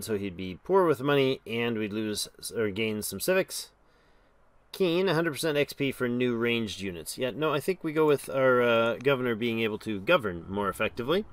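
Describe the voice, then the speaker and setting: A man giving casual, chatty commentary while playing a strategy game, reading the game's text aloud and reacting with animated exclamations. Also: medium pitch. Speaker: game streamer.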